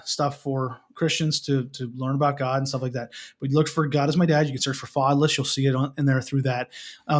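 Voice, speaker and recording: A middle-aged man from Pennsylvania hosting a casual morning show, telling a story with lots of restarts and asking listeners questions. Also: medium pitch. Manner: animated, restarts and repeats, asks the listener questions. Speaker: host.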